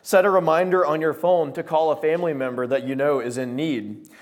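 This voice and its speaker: A man's voice: fairly high pitch, brisk. A young man preaching a sermon to a small gathering, telling stories and acting out quoted voices. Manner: animated storytelling with voiced quotes.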